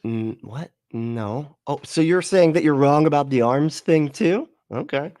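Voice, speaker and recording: A man's voice: fairly high pitch, lively intonation, a little slow, a little mellow, no echo, studio quality. Sarcastic, profane man hosting a livestream. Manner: profane, sarcastic, laughs often. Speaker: livestream host. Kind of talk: casual reaction commentary.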